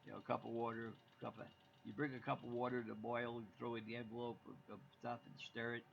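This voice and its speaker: A man's voice: mid-range voice, little pitch movement, quick pace, gravelly. A man from the United States hosting a live stream, chatting to viewers in a rambling, jokey way. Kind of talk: casual chat to viewers. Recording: dull lo-fi stream audio with faint hiss.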